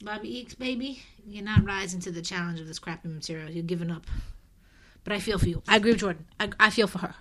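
A woman's voice: mid-range voice, quick pace. A woman co-hosting a casual chat, talking in an emphatic, opinionated way. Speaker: co-host.

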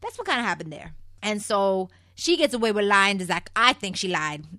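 A woman's voice: mid-range voice, lively intonation, moderate pace, bright, forceful tone, dry recording, clean studio sound. A woman from Puerto Rico chatting in a sassy, gossipy way as she recaps a soap opera, calling her viewers "people". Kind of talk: casual chat.

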